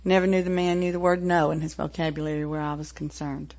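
A woman in her forties with a Southern American accent gives a plainspoken personal testimony to a meeting. Her lowish voice is gravelly with fry, and it comes through a dull, lo-fi recording. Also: little pitch movement, fast, darkish tone. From American South, Tennessee-Mississippi line. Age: 40s. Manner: frank, plainspoken, with fillers and wry laughs. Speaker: recovery meeting speaker.

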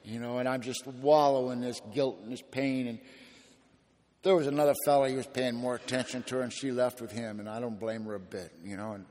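A man's voice: mid-range voice, fairly even intonation, a little fast, darkish tone, in a large hall. A man giving a raw, plainspoken personal testimony as a speaker at a recovery meeting.

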